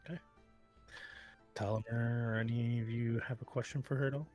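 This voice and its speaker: A man's voice: mid-range voice, steady tone, moderate pace, darkish tone, soft background music. A man at a tabletop game speaking in character as a formal job interviewer. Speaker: player.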